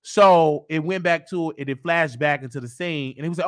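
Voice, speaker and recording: A man with a fairly high, clean-toned voice at a moderate pace hosts his show with a long, casual story. He rambles, repeats, restarts, and varies his voice as he quotes others.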